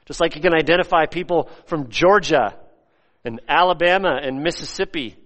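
A man preaches with energy, swinging into acted voices as he tells the story. His voice sits a bit high for a man. The sound rings with the long reverb of a church hall. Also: moderate pace. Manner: animated preaching, acts out quoted voices. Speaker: pastor. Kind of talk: sermon.

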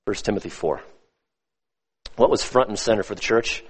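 A man's voice: lowish voice, normal speed, slightly rough. Emphatic male preacher in reverberant hall. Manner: emphatic preaching that swells and drops. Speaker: pastor. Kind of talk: sermon. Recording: long reverb of a large hall.

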